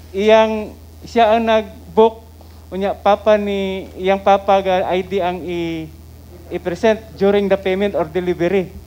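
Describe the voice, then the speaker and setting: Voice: mid-range voice, darkish tone, low-quality recording. An official with a Filipino accent answering questions at a council session, careful and explanatory, hedging often.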